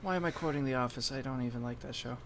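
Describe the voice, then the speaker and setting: Bright-voiced young man rambling. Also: mid-range voice, rapid-fire, slight background noise. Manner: rambling, self-interrupting. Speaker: podcast co-host. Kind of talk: casual anime podcast chat.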